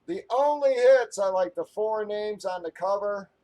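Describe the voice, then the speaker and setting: On a sports card box-breaking live stream, a man rants angrily at his viewers, swearing often and rambling with restarts. He speaks at a measured pace in a high, warm voice, captured in a low-quality recording.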